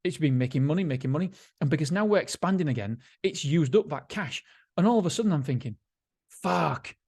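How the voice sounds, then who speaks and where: A man's voice: fairly high pitch, expressive, quick pace, a little mellow. Podcast host, male, slightly raised voice, blunt and profane, loose motivational rambling with frequent restarts. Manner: blunt and candid, swears freely; repetitive, restarts sentences. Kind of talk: casual motivational monologue.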